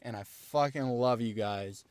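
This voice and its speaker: A man's voice: mid-range voice, a little slow, darkish tone. A male stand-up comedian recapping his set in a casual vlog, laid-back and profane, judging his own jokes.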